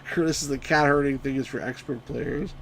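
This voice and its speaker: A man streaming a retro game live, commenting excitedly, shouting at the on-screen sheep and greeting chat viewers. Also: medium pitch, fairly quick, gravelly, slight background noise. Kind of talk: live let's-play commentary.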